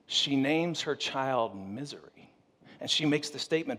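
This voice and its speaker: A pastor telling a story in a humorous sermon, animated and joking with his audience. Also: mid-range voice, moderate pace, big-room sound.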